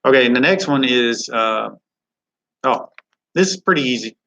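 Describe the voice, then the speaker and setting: A man's voice: medium pitch, animated, normal speed, fairly bright tone, lo-fi sound. A man hosting a live chat Q&A from a studio, rambling and reading viewer comments aloud. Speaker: live stream host.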